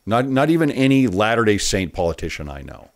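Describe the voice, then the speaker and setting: A man giving earnest, emphatic commentary on a political speech clip, pausing it to preach his point. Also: on the low side, sing-song. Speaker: online commentator.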